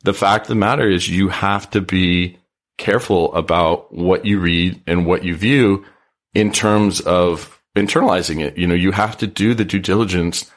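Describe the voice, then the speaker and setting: A man being interviewed on a podcast, speaking earnestly and at a measured pace. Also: deep voice, fairly even intonation. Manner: earnest, measured, many "you know" fillers. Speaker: podcast guest. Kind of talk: casual interview talk.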